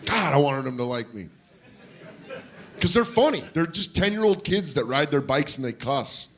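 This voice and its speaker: A man doing stand-up, telling a story and acting out the people in it with big jumps in his voice. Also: normal speed. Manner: animated, acts out voices with big jumps in pitch. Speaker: stand-up comedian. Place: comedy club stage. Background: audience laughter.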